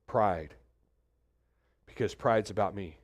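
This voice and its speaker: A man preaching a conversational sermon as pastor, animated, acting out quoted voices, with many restarts. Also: on the low side, takes it slowly, dry recording, studio quality. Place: church suite, indoors.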